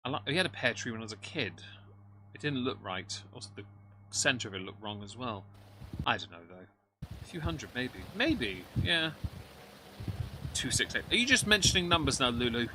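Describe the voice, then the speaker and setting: A man's voice: mid-range voice, expressive, normal speed, pauses often, background noise. A man giving live reaction commentary on a stream, making dry, mocking remarks while greeting his chat. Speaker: livestream commentator.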